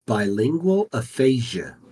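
A man's voice: mid-range voice, sing-song, unhurried, mellow, slightly rough, rough recording. A man co-hosting a casual comedic chat, explaining things in a dry, matter-of-fact way. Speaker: podcast co-host.

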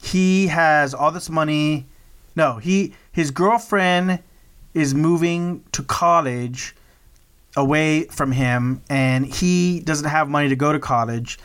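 A man's voice: on the high side, slow, a bit bright, clear, resonant tone. A man co-hosting a podcast, talking casually with a joking, teasing manner. He rambles through anecdotes with easy, loose delivery. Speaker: podcast co-host.

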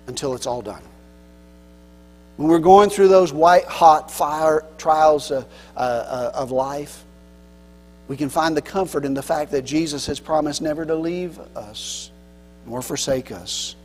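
A man pastor preaching a sermon earnestly, swinging between loud emphasis and soft, low passages. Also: a little slow. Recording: long hall reverb with mains hum.

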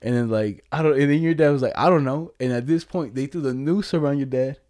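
A man's voice: mid-range voice, quick pace, mellow, no echo, clean studio sound. A young man telling a family story in casual slangy chat, rambling as he goes.

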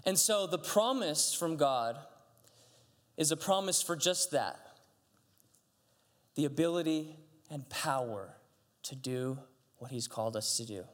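A man's voice: fairly high pitch, lively intonation, measured pace, long pauses. A man, a pastor, giving a chatty, conversational sermon, telling stories animatedly with frequent restarts. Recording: long hall reverb.

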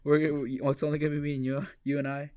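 A man's voice: a little high, little pitch movement, racing, darkish tone, no room sound. A young man co-hosting a podcast in casual chat, rambling and swearing with lots of restarts. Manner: rambling, profane, restarts a lot. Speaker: podcast co-host.

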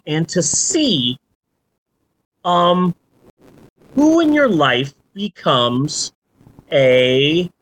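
A podcast host in their forties in casual chat, animated and swearing freely. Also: medium pitch, poor audio. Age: 40s.

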